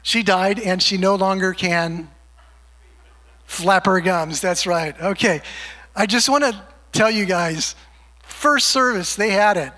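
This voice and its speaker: A man preaching a sermon to his congregation, joking easily and slowing down to read scripture aloud. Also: high-pitched, bright, forceful tone. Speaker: pastor. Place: church sanctuary. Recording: long hall reverb.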